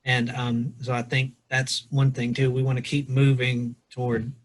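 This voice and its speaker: A man's voice: medium pitch, completely flat delivery, moderate pace. A man co-hosting a podcast, discussing a book in a loose, rambling way with many restarts. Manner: loose, rambling, reads quotes aloud with restarts. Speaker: podcast co-host, pastor or lawyer.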